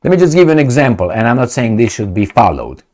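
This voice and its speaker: A man's voice: mid-range voice, sing-song, fast, darkish tone. A middle-aged man from Romania giving a heated, sarcastic video commentary, mocking and ranting at his viewers.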